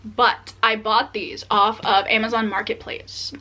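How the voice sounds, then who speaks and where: Bright-voiced excitable young woman vlogger. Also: medium pitch, a little slow. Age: young adult. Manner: excitable and chatty, many "like" fillers. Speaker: book vlogger. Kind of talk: casual vlog unboxing books.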